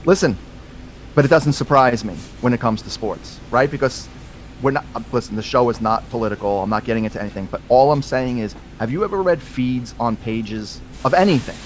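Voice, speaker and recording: A mid-pitched man co-hosting a casual sports podcast, full of strong opinions and quick to rant. Faint background ambience sits under his voice. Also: a little hiss or hum, low-quality recording. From United States. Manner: opinionated, ranting. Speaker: podcast co-host.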